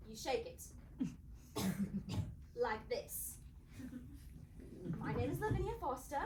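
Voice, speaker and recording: Genteel lady time traveler, played by a woman, high pitch, theatrical, echoey distant stage recording, noisy. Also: big pitch swings, slow, heavily acted. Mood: explaining. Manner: theatrical, breezy, prim and gushing. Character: genteel female inventor and time traveler, adult, excitable. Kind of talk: live stage acting. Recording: roomy theatre heard from far off, noisy.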